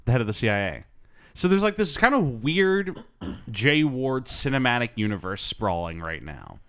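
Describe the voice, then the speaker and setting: Male podcast host, casual chat, moderate pitch, very lively and rambling. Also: moderate pace, clean tone. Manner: rambling, hesitant with many ums.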